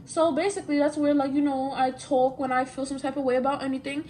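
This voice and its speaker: A young woman with a high voice tells a story in a lively, slang-filled way, often repeating herself for emphasis. There is a faint hum in the room behind her. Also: fast. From New York. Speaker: vlogger. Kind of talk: casual storytime chat. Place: at home, getting ready.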